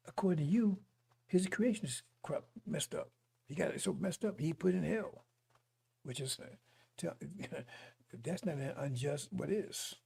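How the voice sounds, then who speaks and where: A man preaching a broadcast sermon in a fiery, mocking way, with a deeply husky, gravelly voice. His tone is dark and mellow, set a bit higher than most men, and he breaks into chuckles between points.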